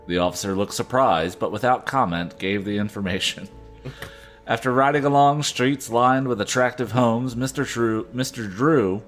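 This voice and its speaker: A man co-hosting a podcast, reading a novel aloud in a casual way and often breaking into laughter. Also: medium pitch. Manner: reads haltingly, breaks into laughter. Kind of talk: casual read-aloud with banter.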